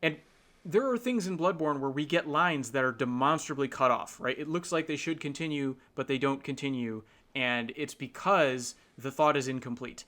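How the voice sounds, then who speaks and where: Bright-voiced man explaining at length. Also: medium pitch, moderate pace. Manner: keeps checking in with tag questions; thinks aloud with restarts and fillers. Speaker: host. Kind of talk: casual explanatory commentary.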